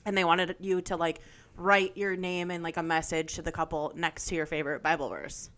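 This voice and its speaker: A young adult woman co-hosting a podcast, telling a story in casual chat, animated, laughing often and swearing freely. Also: fairly low pitch, brisk. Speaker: podcast co-host.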